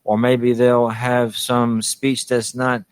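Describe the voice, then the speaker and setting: A man's voice: medium pitch, completely flat delivery, slow, smooth, no echo. A man giving a religious lesson on manners, often repeating a phrase to stress it and restarting his sentences. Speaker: Islamic teacher.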